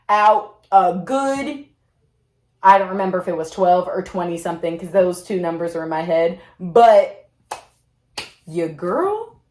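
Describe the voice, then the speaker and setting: A young woman chats to camera in a relaxed, storytelling way, jumping into the voices of the people she quotes. She sits at a middle pitch and talks in an echoey room. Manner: animated, acts out quotes with big pitch jumps. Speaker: vlogger recounting basic training.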